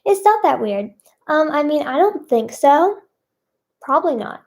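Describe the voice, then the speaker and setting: A woman's voice: sits high, sing-song, unhurried, darkish tone. A young woman singer answering fan questions in casual chat, bubbly and self-conscious, with many fillers.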